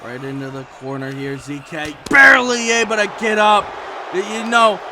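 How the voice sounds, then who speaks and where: A man giving play-by-play wrestling commentary over a video game, shouting often and jumping from calm calls to loud outbursts. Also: high-pitched, normal speed. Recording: loud crowd and noise behind the voice. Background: game crowd ambience.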